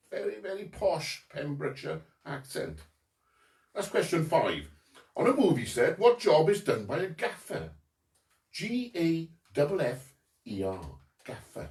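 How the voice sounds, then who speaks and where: A man hosts a homemade quiz, reading each question slowly and then repeating it. His voice is high and swoops around a lot, and he sits back from the microphone in an echoey room. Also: wildly swooping pitch, a little mellow. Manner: slow, deliberate reading, repeating each question and mimicking local accents. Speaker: quiz host. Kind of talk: home lockdown quiz, reading questions aloud. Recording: roomy, distant from mic.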